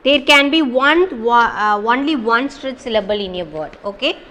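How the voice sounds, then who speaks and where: A woman's voice: a little high, lively intonation, normal speed, pushed and bright, slight background noise. A woman teacher who reads from a textbook and then explains it in her own words, often saying "okay" and "what is that.". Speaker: English teacher. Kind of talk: recorded online class lesson.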